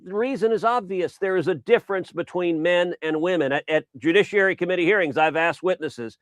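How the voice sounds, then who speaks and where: A man's voice: high-pitched, brisk, dry recording. A middle-aged man, a senator as interview guest, who often repeats his opening words and tells an anecdote.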